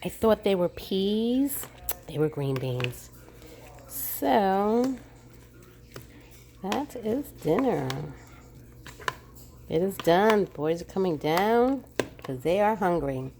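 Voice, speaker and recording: A woman chatting casually as she shows the family dinner in her home kitchen, homey and unhurried. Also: medium pitch, animated, noisy background. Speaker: vlogger cooking for her family. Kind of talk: casual kitchen vlog chat.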